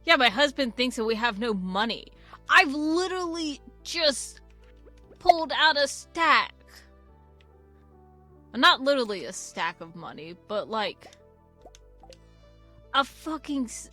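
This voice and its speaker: A woman's voice: high-pitched, big pitch swings, slow pace, long pauses, bright, forceful tone. Chatty, sweary woman gaming streamer. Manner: rambling, sweary, self-mocking asides. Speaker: gaming channel host. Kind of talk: casual let's-play commentary. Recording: faint game music behind.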